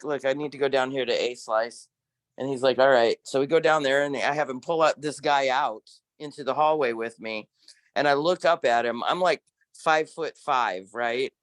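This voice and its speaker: A man who once worked as a corrections nurse, telling stories in a casual discussion with emphatic, animated delivery and frequent laughs. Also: mid-range voice, dry recording. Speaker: former corrections nurse, guest.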